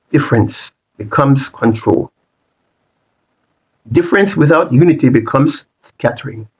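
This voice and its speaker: A man speaks in an unhurried, measured way, laying out a reflective monologue one short declarative phrase at a time. His delivery leans on repetition and rhythm, with a restart here and there. His pitch sits in an ordinary middle range for a man. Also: darkish tone, slightly rough, low-quality recording. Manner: deliberate, repetitive rhetorical phrasing with occasional restarts. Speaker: channel presenter.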